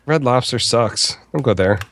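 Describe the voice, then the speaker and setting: A man's voice: mid-range voice, animated, normal speed, a bit bright. A man co-hosting a podcast, chatting casually with wry remarks and frequent laughter. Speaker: podcast co-host. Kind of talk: casual chat.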